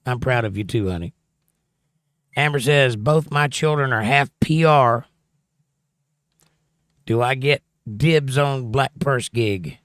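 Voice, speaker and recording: Somewhat slowly and with frequent pauses, a man with a mid-range, fairly bright voice hosts a casual livestream from home. He reads chat comments aloud and jokes about them. The recording is dry and studio quality.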